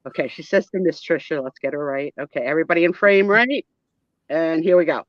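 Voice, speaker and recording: A woman's voice: sits low, brisk, dry recording. A woman hosting a live stream, telling a playful doll story with chatty, self-mocking asides. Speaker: host. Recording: dull lo-fi dry sound.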